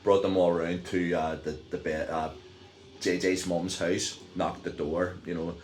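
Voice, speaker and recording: A middle-aged Northern Irish man tells a story in a loose, rambling way, full of fillers and restarts. His voice sits very low, and the room around him sounds echoey. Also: flat delivery, measured pace, faint music behind. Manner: rambling, many fillers and restarts, chuckles while telling. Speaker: vlogger. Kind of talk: casual storytelling.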